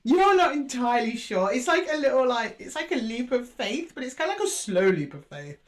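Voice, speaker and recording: A woman's voice: on the high side, very animated, fairly quick. A woman giving an intuitive tarot reading, chatty and musing aloud as she speaks fondly to her listeners. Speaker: tarot reader.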